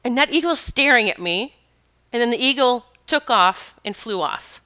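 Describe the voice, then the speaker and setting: Spiritual teacher lady chatting casually, bright crisp voice, lots of laughs. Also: a little high, moderate pace. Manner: animated, emphatic, laughs often. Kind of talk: casual storytelling monologue.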